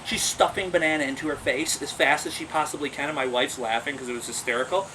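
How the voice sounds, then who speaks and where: Fast and fairly high-pitched, an exotic animal handler and business owner tells animated, casual stories, laughing mid-telling and performing the voices of the people in them. A faraway mic captures him along with an air-conditioning hum.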